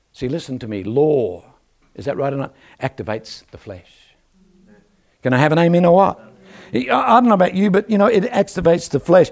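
An older man preaching a lively church sermon, joking and calling out for amens from the congregation. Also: a little high. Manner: animated, joking, calls for amens from the crowd. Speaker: guest preacher. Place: church service.

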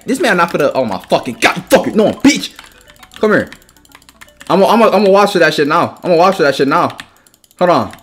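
A young man giving loud, trash-talking gaming commentary, jumping between high yells and low mutters. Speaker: gaming YouTuber.

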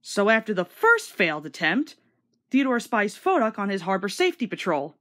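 A woman's voice: medium pitch, very animated, moderate pace, a bit bright. Wisecracking woman doing commentary. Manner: sarcastic, wisecracking. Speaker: commentary host. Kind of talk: casual video commentary.

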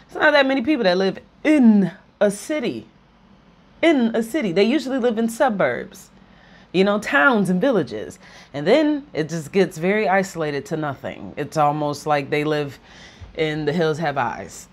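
A woman delivering an impassioned political rant to camera, blunt and profane, repeating slogans and breaking into nervous laughs. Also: medium pitch. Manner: repeats slogans and rises to near-shouting when heated. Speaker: video commentator.

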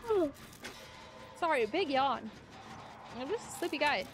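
High-voiced chatty young woman streamer. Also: expressive, a little slow, a little hiss or hum. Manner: chatty, giggly, reads and greets chat. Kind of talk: casual live-stream chat while gaming.

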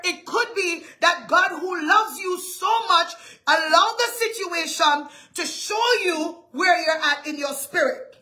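A woman pastor delivers a livestreamed sermon in a high, ringing voice. She is loud and often shouting, pressing each point with emphatic call-outs. Her tone is bright and forceful, and her throat sounds strained from the yelling.

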